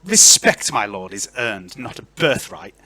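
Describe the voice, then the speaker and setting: A man's voice: fairly low pitch, sing-song, a little slow, sharp tone, full character voice. A man voicing a composed noblewoman who answers an insult with cool, cutting defiance.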